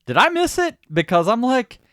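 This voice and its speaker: A man co-hosting a podcast in a relaxed, wry way. His pitch moves around a lot. The recording is dry and close, with no room sound. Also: normal speed, dry recording. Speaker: podcast co-host. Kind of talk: casual chat.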